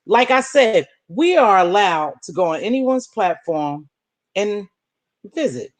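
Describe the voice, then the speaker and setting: A woman hosting a live stream, confronting a viewer in a preachy, sarcastic rant with drawn-out hums. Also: mid-range voice, big pitch swings, a little hiss or hum.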